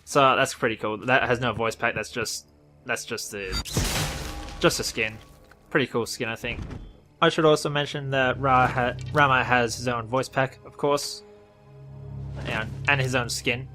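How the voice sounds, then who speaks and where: Over music, an Australian man who hosts gaming videos chats offhandedly about a game update, rambling and correcting himself along the way. His mid-range voice keeps a steady tone at a slightly slow pace.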